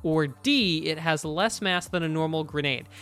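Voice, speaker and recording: A man co-hosting a live gaming show, chatting casually and thinking out loud at length. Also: a little high, normal speed, smooth, faint music behind. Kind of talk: casual live-stream chat.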